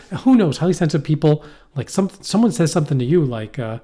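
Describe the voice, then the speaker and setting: A man co-hosting a podcast, rambling and animated in casual chat. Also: on the high side, fast talker. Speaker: podcast co-host.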